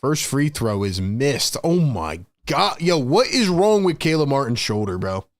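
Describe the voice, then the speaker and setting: A man hosting a fan livestream, calling play-by-play in excitable, frustrated, slangy talk. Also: mid-range voice, a little slow, no room sound. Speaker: host and play-by-play commentator.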